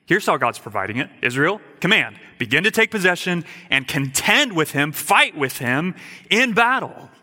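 A man preaching a sermon in an emphatic way, repeating words and dropping to quiet asides. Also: fairly high pitch, very animated, normal speed, in a large hall. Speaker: pastor.

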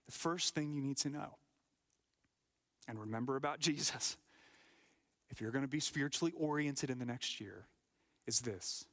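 A middle-aged male pastor preaching a sermon, emphatic, sometimes dropping to a hushed whisper and often repeating words as he builds. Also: mid-range voice, moderate pace, long pauses.

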